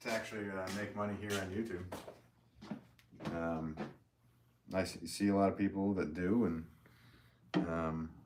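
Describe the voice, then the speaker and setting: Amid background noise, a low-voiced middle-aged man hosts a live pottery stream, showing his pots while rambling in a friendly way and reading viewers' comments aloud.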